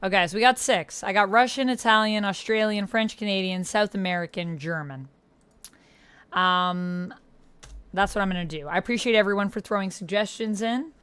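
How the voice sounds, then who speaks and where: A woman's voice: medium pitch, normal speed, fairly bright tone, clean tone, no echo. A young woman streamer chatting casually with her viewers and reading their messages aloud. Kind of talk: casual livestream chat.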